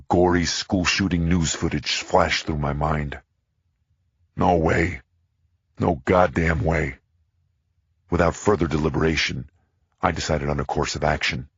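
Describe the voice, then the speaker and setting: Audiobook narrator, man, extremely deep husky voice, tense thriller read. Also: no room sound, dull audio. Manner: tense, measured. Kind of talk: first-person scripted thriller narration.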